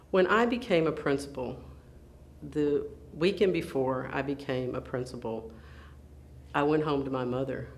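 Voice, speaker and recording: A woman principal telling a personal story on stage, earnest and pausing for emphasis. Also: low-pitched. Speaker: school principal giving a talk.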